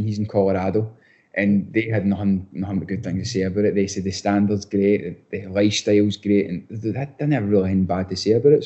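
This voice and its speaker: A man's voice: fairly low pitch, dark tone, muffled recording. A young Scottish man, a footballer being interviewed, chatting casually with lots of restarts and repeated words. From Scotland. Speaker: footballer guest.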